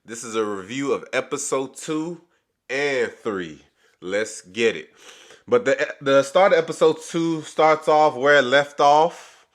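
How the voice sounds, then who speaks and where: A man's voice: mid-range voice, takes it slowly. A man hosting his own channel, giving a casual, rambling review of a reality show full of slang. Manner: rambling, chatty retelling with slang.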